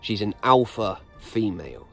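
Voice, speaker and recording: A man's voice: lowish voice, lively intonation, moderate pace, gravelly, slightly rough, faint music behind. A middle-aged British man, a dog trainer vlogging outdoors on a walk, blunt and lecturing in his casual advice. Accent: British English. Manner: blunt, lecturing, plain-spoken. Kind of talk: casual instructional monologue.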